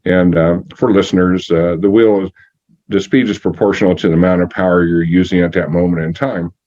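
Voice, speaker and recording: A man in his sixties telling a story from his life as an interview guest, halting with many fillers and matter-of-fact. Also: deep voice, steady tone, a little mellow. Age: 60s. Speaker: energy healer guest. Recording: muffled lo-fi audio.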